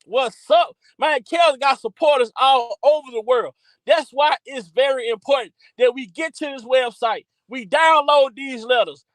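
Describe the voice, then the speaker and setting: A man hosting a livestream, hyping up his chat with loud, repetitive shout-outs. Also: extremely high pitch, no echo, rough recording. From Texas by way of Louisiana. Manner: hyped, repetitive, calls out to chat. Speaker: livestream host.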